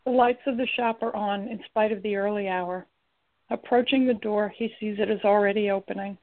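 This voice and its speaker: A woman narrates a story in a steady, even reading. Her voice has a gravelly fry to it. The recording is tinny and phone-like. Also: mid-range voice, normal speed. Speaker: audiobook narrator. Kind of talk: scripted narration.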